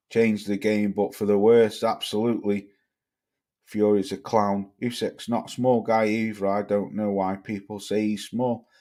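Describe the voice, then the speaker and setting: A man's voice: on the low side, warm tone. A man from Cheshire, hosting a livestream, reading chat comments and ranting bluntly with plenty of swearing. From Cheshire, England. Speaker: livestream host.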